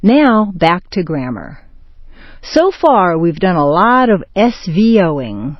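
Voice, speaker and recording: An American woman teaching pronunciation, reading short example words and phrases with slow, exaggerated clarity. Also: on the low side, very animated, no echo, lo-fi sound. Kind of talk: scripted pronunciation lesson.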